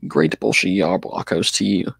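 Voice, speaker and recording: A slow-witted young tough sneers back in a blunt, ignorant way, as a man reads him out. The voice is gravelly and a bit husky. The sound is close and dry. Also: deep voice, dry recording, pitched below the performer's own voice, full character voice. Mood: sneering. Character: dim-witted thuggish young male gang member.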